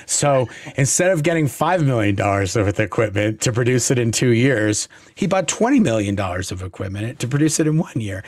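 A man as a podcast guest, telling a story in a blunt, profane, animated way. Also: mid-range voice, fairly quick, few pauses, no echo, studio quality. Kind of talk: casual storytelling interview.

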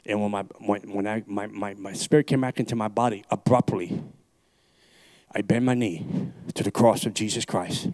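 A man's voice: lowish voice, steady tone, normal speed, darkish tone. A man from New York City, an evangelist preaching his personal testimony into a handheld microphone at a church service, intense and emphatic, repeating his phrases.

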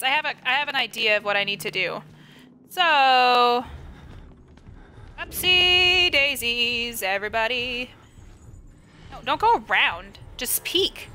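A woman's voice: sits high, sharp tone, slight background noise. A young woman streaming a game live, chatting to the game and greeting her viewers. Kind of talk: live gameplay commentary.

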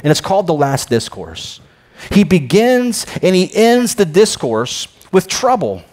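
Emphatic preacher man, somewhat high voice. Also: sing-song, a little slow. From United States. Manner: emphatic, swings between loud proclamations and quiet, low asides; repeats words when starting a phrase. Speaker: pastor. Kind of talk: sermon.

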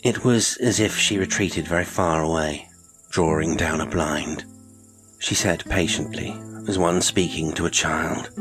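A man narrating a classic horror audiobook in a measured, theatrical reading. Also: sits low, over music, low-quality recording.

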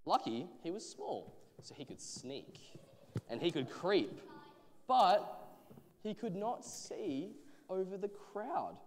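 Brief: expressive male storyteller for kids, slow and lively, on a church stage with long reverb. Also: high-pitched, a little hiss or hum. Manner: expressive, drawn-out phrasing. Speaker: children's storyteller. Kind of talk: animated Bible storytelling for children.

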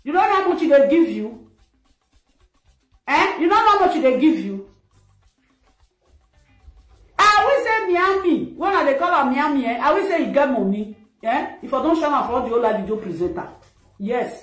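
A woman's voice: high voice, lively intonation, brisk, echoey room, faint music behind, rough recording. A Nigerian woman in a mocking, insulting rant, laughing between her jabs. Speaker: social media personality. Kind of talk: ranting livestream monologue.

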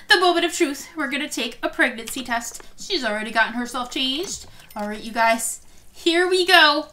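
A woman hosting let's-play commentary, excitable, gasping often and talking straight to her viewers. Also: high-pitched. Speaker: gameplay host.

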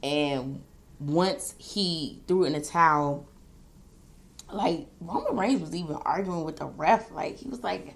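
Animated woman recapping a wrestling match. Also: low voice, slow pace, vocal fry. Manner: animated storytelling, quoting wrestlers in a raised voice. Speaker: beauty and wrestling vlogger. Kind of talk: casual recap while doing makeup.

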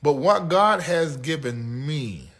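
A man hosting a live talk show, with a Southern US accent, talking sassy and flamboyant to his chat, swinging from low mutters to loud outbursts. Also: expressive, slow.

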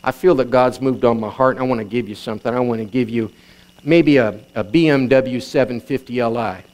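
A male pastor preaching a sermon, telling a long example story and moving from quiet, confiding lines to raised, urgent exhortation. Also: brisk. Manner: storytelling preacher, swings from low confiding tones to raised exclamations.

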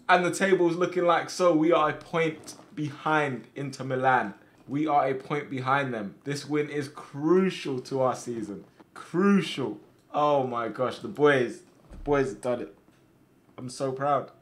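A young man commentating his own football management game, swinging between quiet muttering and loud excited shouts. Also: mid-range voice, moderate pace. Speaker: gaming streamer.

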